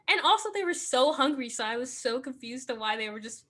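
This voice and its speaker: Young woman podcast co-host, crisp bright voice, chatty and giggly. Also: sits high, animated, brisk. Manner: rambling, laughing, full of "like". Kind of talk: casual chat.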